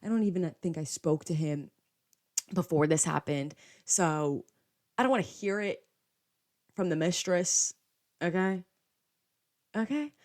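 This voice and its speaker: A young woman with a notably low-pitched voice hosts a casual podcast monologue. She talks in a loose, chatty way, filling her sentences with "like" and slipping into quoted dialogue as she retells what happened. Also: measured pace, pauses often, darkish tone. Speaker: podcast host.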